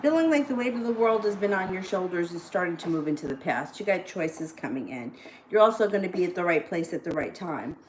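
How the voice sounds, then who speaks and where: A woman's voice: on the low side, animated, brisk, slight background noise, rough recording. A woman giving casual live-stream tarot readings, blunt and plain-spoken, swearing freely between cards. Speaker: tarot reader.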